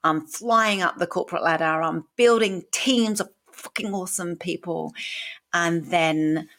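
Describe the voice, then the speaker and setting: This podcast host, a woman in her forties, has a lowish, slightly bright voice and a somewhat slow pace. Her personal story comes out frank and emotional, sprinkled with offhand profanity.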